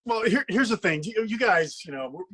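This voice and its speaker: A man's voice: high voice, lively intonation, a little fast, bright, forceful tone, breathy edge. A middle-aged man guest on a talk panel, telling earnest anecdotes and opinions.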